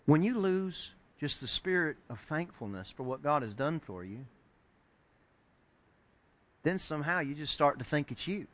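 A middle-aged male pastor with a high, bright voice preaches a sermon built around stories, speaking unhurriedly and pausing often. He tells the stories in an animated way, acts out the voices of the people in them, and rises to near-shouts to drive his points home.

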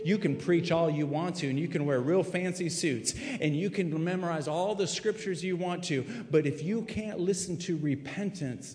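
A man preaching a sermon in a full church sanctuary, swinging dramatically from hushed tones to shouting. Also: fairly high pitch, normal speed, few pauses. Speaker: pastor. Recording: echoey hall reverb.

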